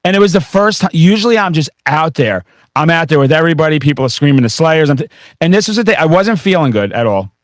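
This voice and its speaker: A man hosting a podcast, chatting casually and excitedly with a rambling flow. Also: on the high side, fast talker, no room sound, studio quality. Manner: excitable, rambling, with bursts of laughter. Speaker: podcast host. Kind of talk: casual interview chat.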